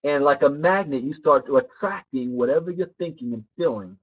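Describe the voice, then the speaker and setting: A man leads a motivational training session in a lively, animated way, acting out the people in his stories. His voice sits a bit high for a man. The recording is dull and lo-fi. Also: a little fast. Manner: animated storyteller who acts out quoted people. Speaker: personal development trainer.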